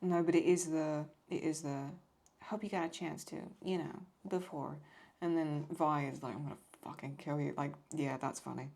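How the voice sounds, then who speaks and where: A woman hosting a video chats casually, rambling through viewer questions in a low, gravelly, darkish voice with fairly even intonation and a moderate pace. She often pauses to paraphrase lines or apologize for getting stuck.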